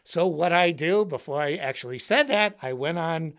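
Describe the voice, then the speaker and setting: A man hosting a livestream and telling a story in an excitable, slangy way, shouting words for emphasis. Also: fairly high pitch, moderate pace. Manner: slangy, says dude and bro. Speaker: host and guitarist.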